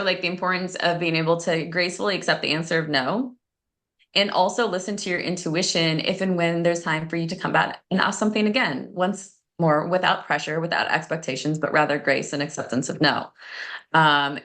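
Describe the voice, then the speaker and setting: A woman's voice: sits low, sharp tone. A woman, a guest transformation coach, chatting casually on a podcast, telling stories with frequent laughs and acting out quoted lines.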